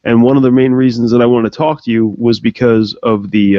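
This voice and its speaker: A man hosts a casual interview and adds wry, joking asides between his questions. His mid-pitched voice is recorded dry and close. The sound is a bit dull and lo-fi. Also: fairly even intonation, fairly quick, few pauses, mellow, no room sound. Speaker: podcast host. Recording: dry, muffled lo-fi.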